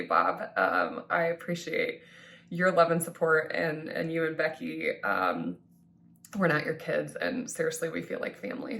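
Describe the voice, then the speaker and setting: A woman's voice: fairly low pitch, fairly bright tone. A woman in her thirties giving a heartfelt, tearful thank-you in a personal vlog, with many ums and restarts. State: tearful, crying at times. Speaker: vlogger thanking supporters.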